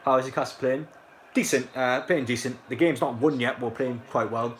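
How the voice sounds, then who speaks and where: A man's voice: mid-range voice, fairly even intonation, fairly quick, slight background noise. A young man, casually commentating a football match live and chatting to viewers in a rambling way. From North East England. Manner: rambling, filler-heavy, reacts to chat.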